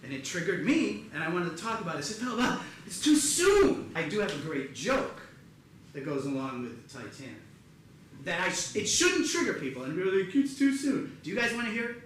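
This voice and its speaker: A middle-aged man performing live stand-up comedy in a theater, telling animated stories and acting out the people in them. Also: on the high side, quick pace, distant mic. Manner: animated storytelling, acts out his mother and joke characters. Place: theater stage before a live audience. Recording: roomy theater sound with audience noise.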